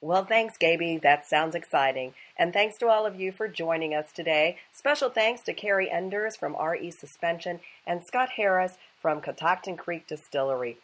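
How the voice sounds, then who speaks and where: A woman hosts a business podcast in a polished, upbeat presenter's manner. Her voice sits a little low. She reads her links in a smooth, scripted way. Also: moderate pace, hardly any pauses. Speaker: podcast host.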